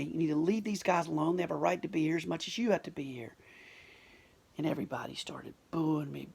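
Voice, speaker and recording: A man tells a personal story in an earnest monologue, restarting sentences, repeating words, and often sinking to a whisper. His fairly high voice is brisk, creaky, husky, and a little mellow.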